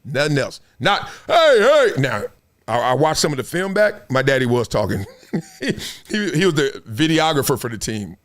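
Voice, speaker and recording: Hosting his own show, a middle-aged man talks casually to a live audience at a moderate pace and medium pitch. His manner is animated: he laughs a lot and does voices.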